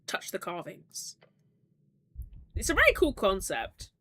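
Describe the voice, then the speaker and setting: A woman's voice: mid-range voice, wildly swooping pitch, slow, long pauses, bright, forceful tone. A woman streamer reading game text aloud and chatting with viewers in a rambling way, with lots of "like". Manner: chatty, peppered with "like", giggly asides.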